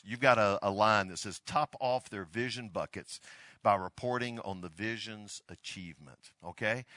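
Bright-voiced pastor telling a story. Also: male voice, lowish voice, no echo. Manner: animated storyteller, grows loud and excited. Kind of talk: teaching talk with storytelling.

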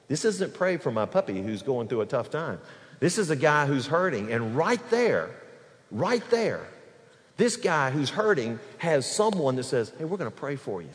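A man preaching a sermon as pastor, telling stories in an animated, folksy way from a church sanctuary. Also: mid-range voice. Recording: long hall reverb.

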